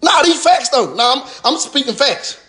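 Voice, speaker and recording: A man with a drawl rants straight to his followers in a live-stream monologue. His voice sits noticeably high, and he goes at it in a profane, mocking way, dropping a sarcastic "sir" again and again. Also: very animated, moderate pace, pushed and bright. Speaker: rapper addressing his followers.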